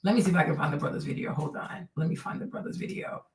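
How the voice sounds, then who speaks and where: A woman hosting a live stream, reacting to video clips in an animated, mocking way and tossing in Spanish words. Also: sits low, rapid-fire, slight background noise. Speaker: streamer host. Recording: roomy, distant from mic.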